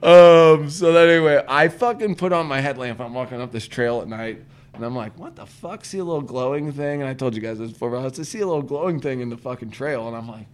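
A man's voice: mid-range voice, quick pace. A man hosting a podcast, telling a rambling camping story in casual, profane chat and acting out his own lines. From Missouri. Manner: profane, animated, acts out his own voice in quotes. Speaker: podcast host.

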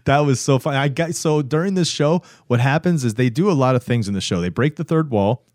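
A man co-hosting a casual chat about a show, loose and animated, acting out quotes in high voices. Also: brisk. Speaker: podcast co-host.

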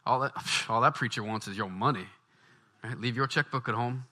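A man's voice: mid-range voice, fairly quick, pushed and bright. A man from Baton Rouge, preaching a conversational sermon. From Baton Rouge, Louisiana, US. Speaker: pastor.

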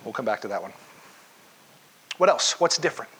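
A man's voice: mid-range voice, big pitch swings, brisk, pushed and bright, husky. A man preaching a conversational sermon, asking his listeners questions and acting out the lines of the story. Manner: conversational, questions the audience, acts out quotes. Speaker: pastor. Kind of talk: interactive sermon.

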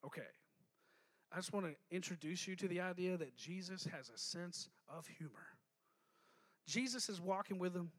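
A male pastor preaching a lively sermon, joking and calling on the congregation to respond. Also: high-pitched, moderate pace.

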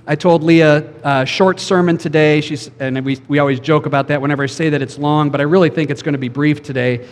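Pastor guy giving a chatty sermon, kinda high voice, long echo off the church hall. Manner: conversational, asks the congregation questions. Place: church sanctuary.

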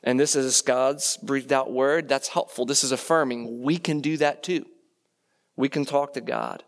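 A preacher gives his sermon in a relaxed, chatty way, constantly checking in with the congregation through rhetorical questions and quick "right?" tags. His voice sits at a typical middle pitch for a man and holds a steady tone.

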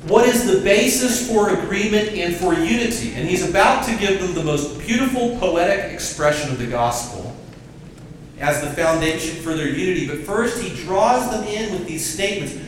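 A pastor delivers a lively sermon, pulling the congregation into call-and-response. His voice sits a little high for a man. He is caught from some distance, in a church hall with heavy echo. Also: normal speed, slight background noise. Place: church sanctuary.

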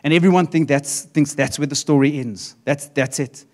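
A middle-aged man preaching a sermon as pastor, animated, often repeating and restarting his phrases. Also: a little high, moderate pace.

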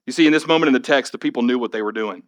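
A man preaching a sermon as pastor, conversational and plain-spoken, building to animated, rising passages. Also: medium pitch, rapid-fire.

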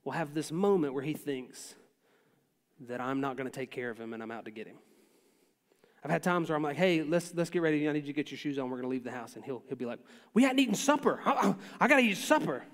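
A man's voice: medium pitch, fast talker, in a large hall. A man preaching a sermon as a pastor, in a conversational way that acts out the quotes he tells.

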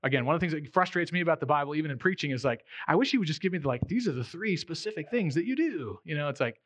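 A man with a bright, forceful voice preaches in a loose, conversational way. His pitch sits a little high for a man, and the sound is dry and close. He acts out the quotes he tells in their own voices. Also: animated, racing, dry recording. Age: 30s to 40s. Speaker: pastor. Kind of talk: sermon.

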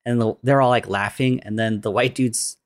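A man's voice: mid-range voice, steady tone, normal speed. A man casually retelling a film plot, rambling with many restarts and fillers, acting out the characters' lines. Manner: rambling, lots of "like" and restarts, acts out quotes.

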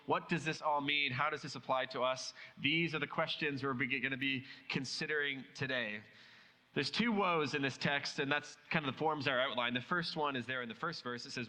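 A man's voice: a little high, sharp tone, big-room sound, rough recording. A man preaching a sermon in a conversational way, asking many rhetorical questions.

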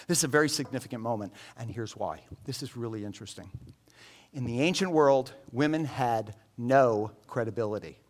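A man preaching a sermon in an animated, joking storytelling manner. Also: mid-range voice, normal speed. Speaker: pastor.

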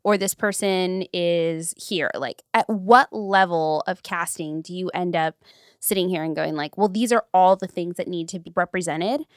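Woman podcast host, chatty and animated, dry close mic. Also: fairly low pitch, moderate pace, no echo. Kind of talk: casual interview chat.

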